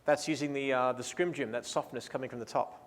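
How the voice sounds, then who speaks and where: A man's voice: mid-range voice, steady tone, brisk, in a large hall. An Australian man presenting a photography seminar in a casual, enthusiastic, playful way, mixing talk with live posing directions.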